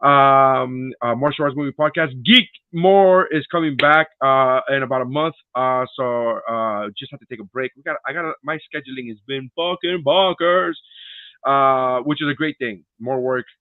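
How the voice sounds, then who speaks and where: A man's voice: medium pitch, normal speed, no room sound. A man co-hosting a podcast as a comedian, chatting casually, swearing a lot and acting out the people he quotes. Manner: animated, profane, acts out quoted people. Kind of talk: casual chat. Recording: tinny phone-like sound.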